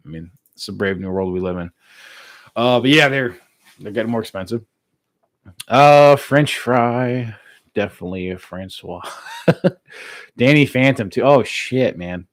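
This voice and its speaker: An American man casually chatting with his live-stream viewers, relaxed and laughing easily, with plenty of filler words. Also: fairly low pitch, no echo, clean studio sound. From United States. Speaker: streamer reading live chat.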